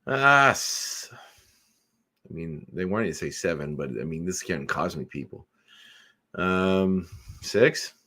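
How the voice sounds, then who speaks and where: A man's voice: low voice, expressive, slow, long pauses, sharp tone. A married man co-hosting a casual podcast, bantering, guessing numbers and swearing now and then. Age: adult, married. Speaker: podcast co-host. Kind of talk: casual chat.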